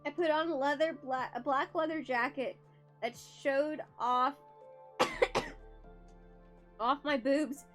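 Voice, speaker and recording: A woman's voice: high-pitched, steady tone, unhurried, pauses often, faint music behind. A young woman streamer reading a story aloud for comic effect, amused and breaking into asides.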